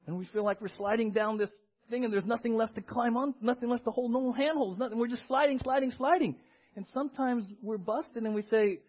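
A man's voice: very high-pitched, a little fast. A man preaching a sermon to his church, emphatic, asking rhetorical questions and repeating key words. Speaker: pastor. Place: church service. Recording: dull lo-fi sermon audio.

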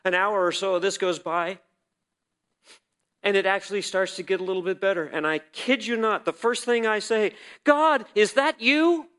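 A man preaching a personal testimony as a sermon, telling the story vividly and swinging between loud and hushed delivery. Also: high-pitched, steady tone, normal speed, smooth.

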